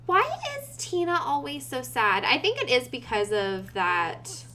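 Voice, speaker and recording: A woman's voice: high voice, very animated, unhurried, pushed and bright. A woman giving casual gameplay commentary, chatty and giggly, talking to her game characters and her viewers. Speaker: gaming video creator.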